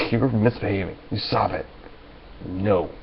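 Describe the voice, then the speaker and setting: A man voicing a calm, stern mother figure who firmly scolds. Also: fairly low pitch, takes it slowly, muffled recording, slight background noise. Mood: scolding. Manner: firm, assertive scolding.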